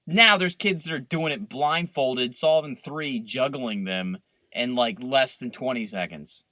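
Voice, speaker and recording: Bright-voiced man riffing on a podcast. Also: medium pitch, unhurried, no room sound. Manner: riffing, profane, animated rants. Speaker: podcast co-host. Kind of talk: casual podcast banter.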